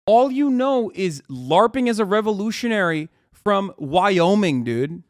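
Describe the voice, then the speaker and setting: A man reacting to a news video on a livestream, ranting angrily and swearing heavily, his voice rising into shouts. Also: high-pitched, animated, a little slow, no echo, studio quality. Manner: profane, angry ranting.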